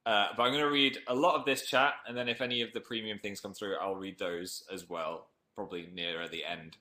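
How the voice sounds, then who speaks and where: Young man, webcam livestream host at home; playful, teasing, excitable greetings, casual chat. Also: fairly low pitch, a little fast. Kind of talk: casual livestream chat, reading viewer comments. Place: at home, indoors.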